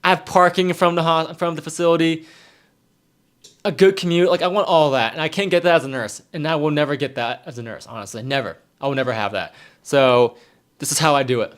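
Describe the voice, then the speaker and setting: Chatty young man, slightly high voice. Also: brisk, fairly bright tone. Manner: rambling, repeats himself, reads chat aloud. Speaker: nurse streamer answering questions. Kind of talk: casual live-stream Q&A.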